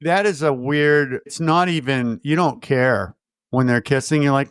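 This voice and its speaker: A man with a voice on the higher side, co-hosting a film podcast. He chats casually and jokes, slipping into little impressions of the characters. The sound is close and dry, with no room around it. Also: clean tone, no echo. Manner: jokey, acts out characters in quick asides. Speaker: podcast co-host. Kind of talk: casual film-review chat.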